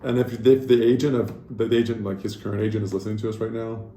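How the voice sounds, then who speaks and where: A man's voice: on the low side, fairly even intonation, fast talker, mellow. A man co-hosting a podcast in casual chat, jokey and swearing freely. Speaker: podcast co-host. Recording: echoey room with faint noise.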